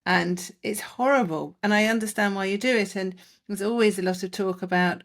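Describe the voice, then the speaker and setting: A woman's voice: medium pitch, fairly quick. Woman, doctor host, reassuring, explanatory, asks tag questions. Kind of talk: conversational interview.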